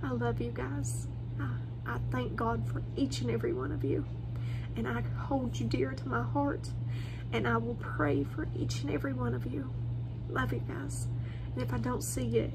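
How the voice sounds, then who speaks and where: A woman's voice: on the high side, steady tone, normal speed, heavy background noise. A woman hosting a morning devotional, reading scripture and speaking about faith in an earnest, heartfelt way from home. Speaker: devotional host.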